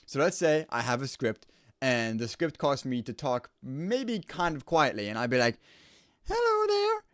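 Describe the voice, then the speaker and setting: A man's voice: medium pitch, expressive, moderate pace, a bit bright, clear, resonant tone, dry recording. A man who works as an audio engineer explaining home studio recording in a casual, explanatory way, close to a studio microphone. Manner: casual and explanatory, stresses points by repeating them. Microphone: studio microphone at close range.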